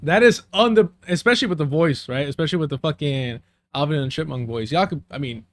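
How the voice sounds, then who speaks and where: A man's voice: on the high side, quick pace. A man doing casual live-stream commentary over clips, rambling and swearing, with many fillers.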